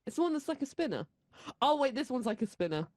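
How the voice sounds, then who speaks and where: A woman's voice: sits high, very animated, quick pace, a little mellow, no echo, clean studio sound. A woman playing a tabletop role-playing game, chatty and giggling often. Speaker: player. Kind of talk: casual tabletop play.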